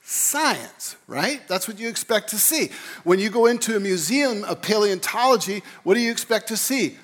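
A man with a high voice gives an informal lecture. He talks in a rambling, animated way, circling back with restarts and repeated words as he builds his point. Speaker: speaker on creation and evolution.

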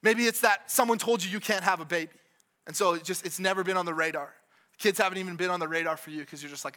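A man preaches to his congregation in a relaxed, conversational style. His voice sits high and bright. He circles back over his own phrases and slips in quick asides as he goes. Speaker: pastor. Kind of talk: sermon. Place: church with congregation.

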